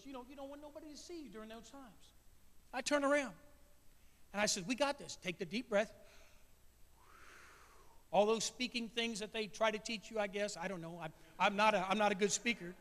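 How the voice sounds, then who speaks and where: Folksy preacher, high voice, church echo. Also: male voice, pushed and bright. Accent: Midwestern American. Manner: folksy, emotional, talks straight to the congregation. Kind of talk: sermon. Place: church sanctuary. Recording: long echo of a church hall.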